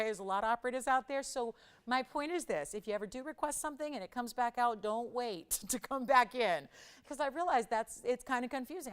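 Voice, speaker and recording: Woman, shopping-channel host, smooth clear voice, chatty storytelling, frequent laughs, live sales pitch. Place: TV studio.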